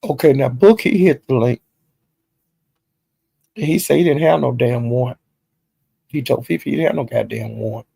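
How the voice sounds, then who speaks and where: Gravelly man gossiping about online drama. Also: medium pitch, normal speed, long pauses, no echo. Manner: gossipy, animated retelling with slang and profanity. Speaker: commentary channel host. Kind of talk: casual recap of online drama.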